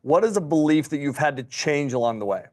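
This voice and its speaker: A man hosts a podcast interview in a slightly higher voice. He is eager and affirming and praises his guest in a casual way, calling him dude and bro. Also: expressive, a little fast, darkish tone. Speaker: podcast host.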